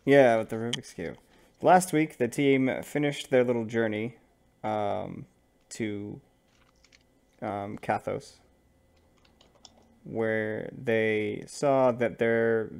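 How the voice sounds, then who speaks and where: A man narrating as game master of a tabletop game, relaxed and rambling, with frequent fillers. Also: mid-range voice, slow, vocal fry, long pauses, clear, resonant tone.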